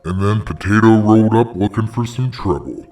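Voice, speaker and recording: A man's voice: lowish voice, animated, normal speed, darkish tone, recorded from a distance. A man hosting a parody hotline, talking in slangy, mock-preachy street lingo. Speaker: host.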